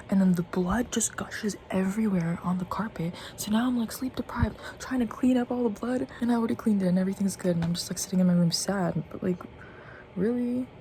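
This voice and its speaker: A woman's voice: medium pitch, warm tone, slight background noise. A young woman vlogging about her own life, frank and tired, swearing often and at times dropping to a whisper. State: tired and in pain. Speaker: art vlogger. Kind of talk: personal vlog rant.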